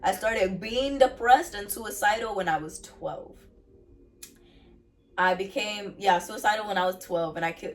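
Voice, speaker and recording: Young woman, earnest personal testimony, mid pitch, mic set back a bit. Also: steady tone, unhurried, recorded from a distance. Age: young adult. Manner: earnest, repeats phrases for emphasis. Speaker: vlogger sharing her faith testimony.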